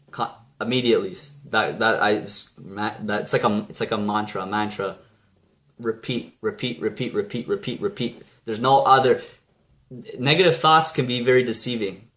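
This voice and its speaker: A man's voice: lowish voice, fairly bright tone. A man talking casually to camera, giving blunt, rambling motivational advice full of restarts and mild swearing. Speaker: vlogger.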